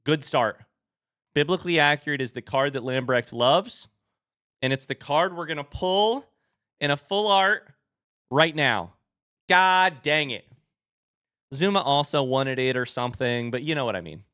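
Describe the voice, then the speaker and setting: A young man live-streaming as he opens card packs and chats with viewers, turning excitable and hyping each reveal. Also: unhurried, long pauses, smooth, dry recording, studio quality. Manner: excitable, bursts into high shouts; hype commentary.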